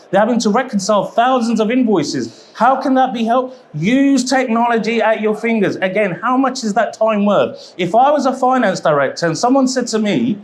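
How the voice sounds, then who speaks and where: Chatty high-voiced man giving a seminar. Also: slight background noise. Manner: chatty, jokey, quick asides. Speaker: presenter at a trade expo seminar. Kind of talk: live seminar talk. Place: exhibition hall seminar.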